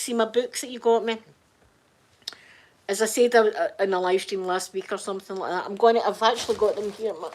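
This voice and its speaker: A woman's voice: medium pitch, steady tone, normal speed, pauses often. Chatty Scottish woman live-streaming. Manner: chatty, warm-hearted, reads out chat names. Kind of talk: casual live-stream chat.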